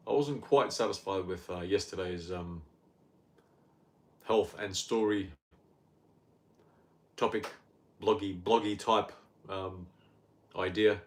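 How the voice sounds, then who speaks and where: A man's voice: lowish voice, slow pace, pauses often. A man in his fifties with an Australian accent, hosting a casual health podcast monologue in a rambling, blunt and sardonic way.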